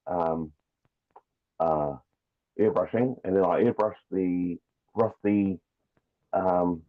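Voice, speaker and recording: A man with a New Zealand accent, chatting casually and rambling as a podcast guest over a video call. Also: sits low. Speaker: guest toy customizer. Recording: tinny phone-like call line.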